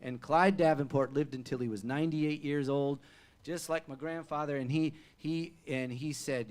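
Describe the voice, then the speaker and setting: Male folk singer, animated on-stage storyteller, slightly high voice, chatty. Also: normal speed. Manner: animated, chatty, frequent fillers and restarts. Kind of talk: live stage storytelling between songs. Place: live music venue.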